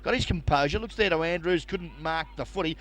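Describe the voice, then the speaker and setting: A man's voice: a little high, a little fast, a bit bright. An Australian man co-commentating a country football match, chatty and opinionated about the play.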